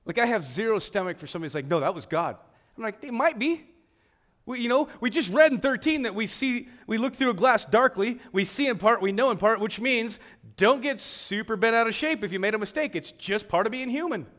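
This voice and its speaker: A man preaching a sermon, swinging between emphatic, raised passages and quiet, hushed ones. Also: extremely high pitch, animated, a little fast, few pauses. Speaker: pastor.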